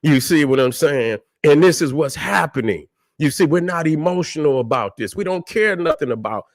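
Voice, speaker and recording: A man's voice: on the high side, animated, normal speed, no echo, clean studio sound. A man hosting a livestream, talking in a combative, profane, preaching style and repeating "you see what I'm saying". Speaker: livestream host.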